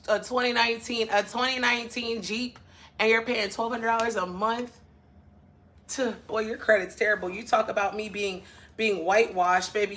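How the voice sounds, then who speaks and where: A woman's voice: medium pitch, a bit bright. A woman vlogger from the northern US, venting bluntly in a casual chat to camera, with sassy asides to her viewers.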